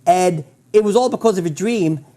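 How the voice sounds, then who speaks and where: Man, fairly high, dark-toned, enthusiastic storyteller, restarts a lot. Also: normal speed. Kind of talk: storytelling in conversation.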